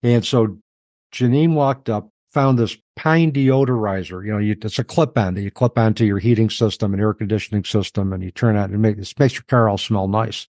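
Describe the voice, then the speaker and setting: A middle-aged man telling personal stories as an interview guest, reflective and halting, emotional at times. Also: lowish voice, steady tone, a little mellow, no echo.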